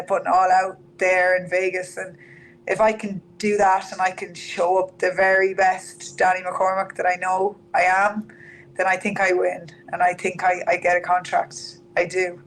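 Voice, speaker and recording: A woman's voice: lowish voice, a little hiss or hum, poor audio. A young Irish woman, a fighter interviewed about her career, talking candidly with lots of "like". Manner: candid, chatty, fillers of "like". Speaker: MMA fighter guest.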